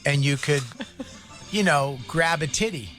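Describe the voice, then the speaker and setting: A man's voice: fairly high pitch, slow pace, over loud music. A middle-aged man, co-host of a comedy talk show, telling crude anecdotes in casual chat and acting out the quoted voices.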